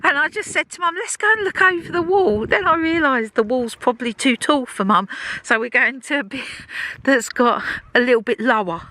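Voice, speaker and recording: A woman's voice: high-pitched, expressive, moderate pace, bright, forceful tone. A middle-aged woman narrating a casual vlog to camera in a chatty, upbeat way. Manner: chatty and upbeat, with frequent laughs. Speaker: vlogger.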